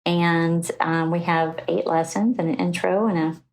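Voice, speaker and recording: A middle-aged woman guest on a podcast, telling her story in an animated, chatty way and acting out the voices of people she quotes. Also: fairly low pitch, measured pace, low-quality recording. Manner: animated, acts out quoted voices, laughs easily. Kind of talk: storytelling in a conversational interview.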